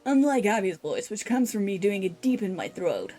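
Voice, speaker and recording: A woman's voice: medium pitch, a little fast, warm tone, faint music behind. A British woman from the UK streaming a game, chatting casually and explaining how she does her voices.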